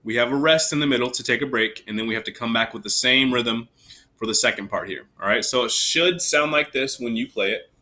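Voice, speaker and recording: A male elementary music teacher guides children through a recorder lesson. His voice is bright and forward at a middle pitch, and he stays patient and reassuring, counting beats aloud and telling them squeaks are okay. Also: fairly quick.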